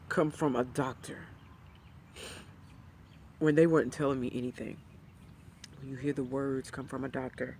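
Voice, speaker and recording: A grieving widow talking to camera in a heartfelt, halting way, her voice sometimes breaking into a whisper. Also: extremely low pitch, fairly even intonation, darkish tone, slight background noise. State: grieving, near tears. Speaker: widow sharing her grief. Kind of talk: emotional personal talk to camera.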